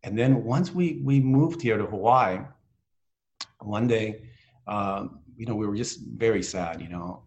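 A middle-aged man, a guest on a video call, telling a heartfelt personal story in a halting, earnest way with many restarts. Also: on the low side, lo-fi sound.

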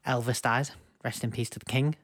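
A young man co-hosting a podcast over a video call, full of jokey enthusiasm. He rambles happily from one aside to the next on a home mic, his voice sitting at an ordinary pitch. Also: steady tone, brisk, a bit bright, husky. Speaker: podcast co-host. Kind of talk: casual chat.

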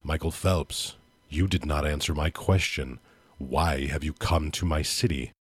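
A man's voice: steady tone, slightly rough, dry recording, heavily acted. Man reading as a commanding vampire prince. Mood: menacing. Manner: deep, slow and authoritative.

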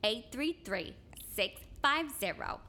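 A woman co-hosting a radio show, chatty and quick to react in casual banter. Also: a little high, very animated, pushed and bright.

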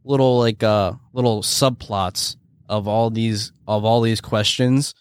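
Male podcast co-host, low voice, loose rambling casual chat, swears freely. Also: fairly even intonation, unhurried, clear, resonant tone, dry recording, clean studio sound. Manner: rambling, heavy use of "like" and swearing.

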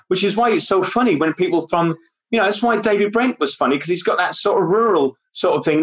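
A man with a London accent, chatting casually as a guest, animated and rambling. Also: high-pitched, quick pace. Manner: animated, rambling, does impressions. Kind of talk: casual interview chat.

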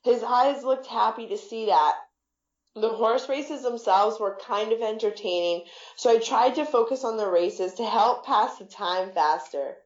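A woman's voice: a little high, unhurried, roomy sound, highs cut off. Woman reading her own comic novel. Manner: wry, lightly comic narration. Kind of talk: first-person fiction reading.

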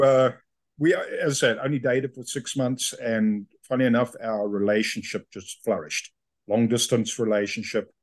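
A man's voice: mid-range voice, steady tone, moderate pace. A man in his fifties, from South Africa with an accent tinged by Australia, telling his story as an interview guest in a chatty, self-amused way. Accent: South African with Australian tones.

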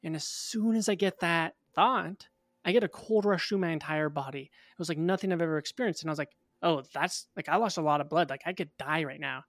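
A young man in his twenties, a guest in an interview, telling a personal story in a casual, animated way. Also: fairly high pitch, fairly quick, no echo, studio quality.

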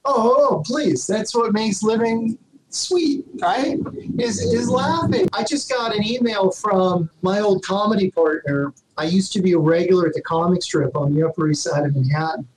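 A man's voice: high-pitched, normal speed, crowd noise, low-quality recording. A man speaking as a guest public speaker in an emphatic, upbeat motivational manner, often tagging on rhetorical questions. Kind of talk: motivational talk.

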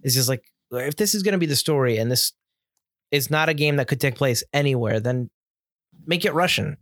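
A man's voice: mid-range voice, lively intonation, a little fast, fairly bright tone, dry recording. An American man co-hosts a casual conversation in a dry, close-miked sound. His delivery is opinionated and rambling, and he often restarts his sentences as he builds an argument. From United States. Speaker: podcast co-host. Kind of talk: casual chat about video games.

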